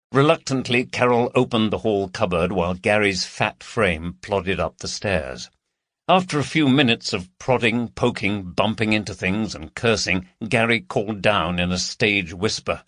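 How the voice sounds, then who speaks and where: A man with a lowish voice narrates a crime audiobook at a moderate pace, telling the story in a lively, dramatic way. The scripted narration is a dry, studio-quality recording.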